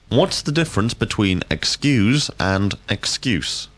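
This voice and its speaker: A deep-voiced male teacher runs a scripted vocabulary drill. His pitch rises and falls widely as he puts each question clearly and deliberately. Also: sing-song. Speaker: language teacher.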